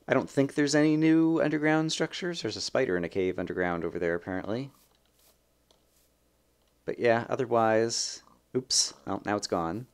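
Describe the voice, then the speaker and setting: A young man hosting a let's play, chatting and thinking aloud as he plays, with sudden bursts of excitement. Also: mid-range voice, moderate pace, clean tone. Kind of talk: gameplay commentary.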